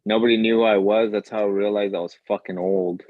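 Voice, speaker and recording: A man's voice: on the low side, flat delivery, fast, no echo, phone-quality sound. Wry, self-mocking man. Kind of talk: casual chat.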